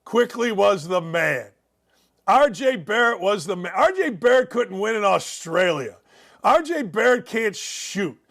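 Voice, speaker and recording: A man's voice: high voice, very animated, measured pace, a bit bright. A man hosting a sports talk show, ranting in a sarcastic, mocking way about sports and politics. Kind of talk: opinionated sports and politics rant.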